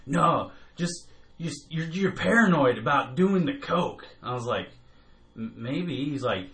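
A podcast co-host tells a long story in casual chat, cursing freely and laughing often along the way. His mid-range voice is a bit bright, and there's a little hiss or hum in the recording.

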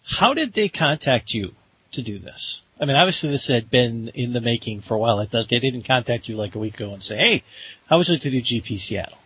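A man's voice: mid-range voice, very animated, a little fast, pushed and bright. A man hosting a podcast interview, asking questions in a friendly, folksy way. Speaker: podcast host. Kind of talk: casual interview. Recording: dull lo-fi audio with faint hiss.

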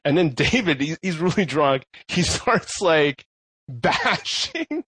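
A man's voice: fairly high pitch, big pitch swings, slow, fairly bright tone, husky, no room sound. A man telling a story in a casual podcast chat, rambling with many fillers and laughing often. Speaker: podcast co-host.

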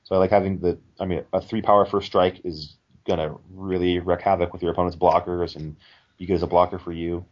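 Podcast co-host, man, low voice, chatty and rambling, muffled lo-fi sound. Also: little pitch movement, a little fast. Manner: rambling, hedging with likes and I means. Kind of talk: casual chat. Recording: dull lo-fi sound.

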